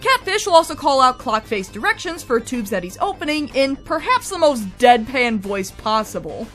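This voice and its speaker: A woman's voice: high voice, big pitch swings, moderate pace, fairly bright tone, soft background music. A woman narrating a scripted game review in a wry, chatty way.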